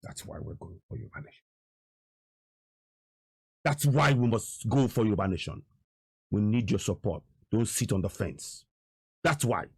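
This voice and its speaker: Indignant man with a lively pitch. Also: normal speed, gravelly, pauses often, husky, dry recording, studio quality. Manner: emphatic, repetitive, indignant. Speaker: political commentator. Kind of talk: commentary over video footage.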